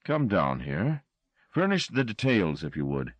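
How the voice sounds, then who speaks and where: A man reading an audiobook voices a politely menacing European male stranger who speaks slowly and courteously. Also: low-pitched, big pitch swings, no echo, exaggerated voice. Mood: polite menace. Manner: slow, courteous, measured.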